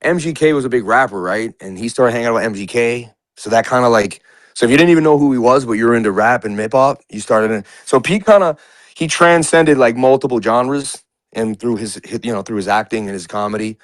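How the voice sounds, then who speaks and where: A man's voice: mid-range voice, fairly quick, no echo, rough recording. A man in his forties from New York, a guest telling personal stories in a rambling way, full of filler words. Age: 40s. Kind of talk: casual conversation.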